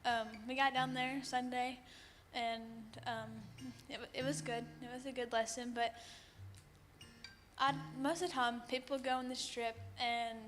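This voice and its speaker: A teenage girl, giving an emotional church testimony in a shaky, halting way with many ums. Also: fairly high pitch, flat delivery, a bit bright, faint music behind. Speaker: youth group member giving a testimony. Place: church sanctuary.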